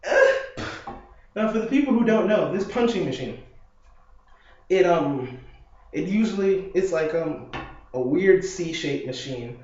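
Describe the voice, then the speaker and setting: A man's voice: high voice, expressive, measured pace, long pauses, mellow. Young man rambling in an echoey room. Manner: rambling storytelling, acting out quotes with laughs. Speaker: vlogger. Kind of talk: casual video diary. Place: apartment living room. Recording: echoey, muffled room recording.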